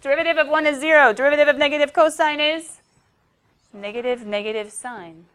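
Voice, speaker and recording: A woman's voice sits high and fairly bright as she briskly teaches a math class. Chatty and playful, she talks herself through problems, and faint background noise can be heard.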